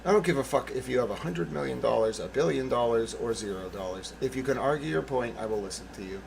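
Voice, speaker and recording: Gravelly guy ranting about politics, blunt and sweary, sarcastic, bit of hiss behind. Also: mid-range voice, fast talker. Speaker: channel host. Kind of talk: heated political monologue.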